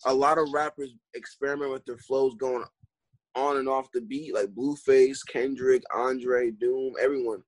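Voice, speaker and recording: A man's voice: mid-range voice, normal speed, dry recording, rough recording. A young man from New York, raised in Philadelphia, chatting casually and joking with opinionated takes. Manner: opinionated, joking, bursts of excitement. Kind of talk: casual chat.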